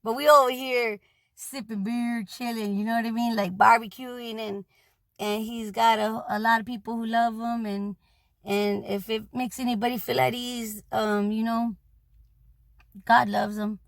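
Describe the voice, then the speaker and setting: A woman relays a departed man's message in a casual spoken monologue, loose and blunt, swearing freely and saying "you know" often. Her voice is on the high side with a level tone, a little slow, and there's no echo.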